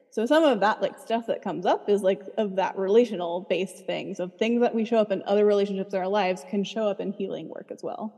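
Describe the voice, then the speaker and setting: A woman's voice: medium pitch, fairly quick, hardly any pauses, warm tone, big-room sound. A woman therapist talking casually in an interview, chatty and full of "like.". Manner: chatty, fills speech with "like". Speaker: licensed therapist, guest.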